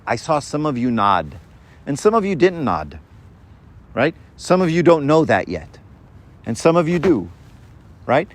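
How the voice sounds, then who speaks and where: A man's voice: on the high side, sing-song, moderate pace. A man giving an informal sermon to a group, talking in a conversational way, often checking in with "right?" and acting out the voices in his stories. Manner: conversational, keeps asking "right?"; acts out quoted voices in a story.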